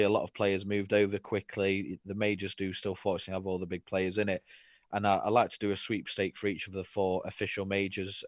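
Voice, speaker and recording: A man co-hosting a sports podcast in casual chat, swearing freely and quick to laugh. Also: deep voice, no room sound. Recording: dry, dull lo-fi podcast audio.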